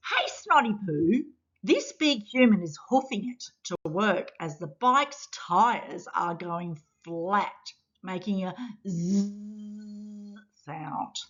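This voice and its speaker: A woman's voice: mid-range voice, animated, slow, fairly bright tone. A woman voicing a cheeky little booger creature with a playful, chatty storybook voice. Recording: dull lo-fi sound.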